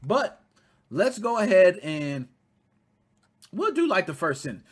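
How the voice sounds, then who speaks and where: Animated, high-voiced male podcast host. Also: takes it slowly, breathy edge. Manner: animated, swings from quiet asides to loud outbursts, swears freely. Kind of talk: casual commentary podcast.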